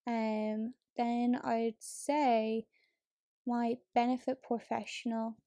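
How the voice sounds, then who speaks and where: A woman's voice: on the high side, level tone, takes it slowly, mellow, dry recording, clean studio sound. A woman chatting casually as a beauty vlogger while doing her makeup, full of fillers and easy swearing. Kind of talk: casual get-ready-with-me chat.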